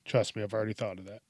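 A man's voice: fairly low pitch, pushed and bright, slightly rough, dry recording, clean studio sound. A man hosting a podcast alone, rambling through a casual, profane, self-mocking monologue. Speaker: podcast host.

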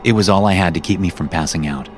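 Deep-voiced man narrating a horror story. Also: quick pace, slight background noise. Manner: acts out quoted lines louder and higher. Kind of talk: first-person scripted narration. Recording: music playing under the voice.

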